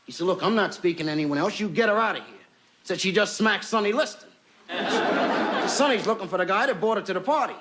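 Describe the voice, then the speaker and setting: Lively high-voiced man telling a comedy story. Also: fast. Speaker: stand-up comedian. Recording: noisy old television recording.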